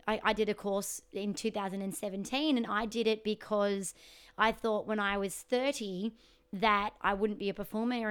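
A woman's voice: medium pitch, smooth. A woman in her thirties, an entertainer and life coach, chatting casually and animatedly on a podcast with laughing asides. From Australia. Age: 30s.

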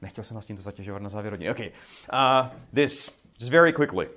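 Male teacher, native Czech speaker, lowish voice, animated classroom delivery. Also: quick pace. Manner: lively, explains with example dialogues, switches languages. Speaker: language teacher.

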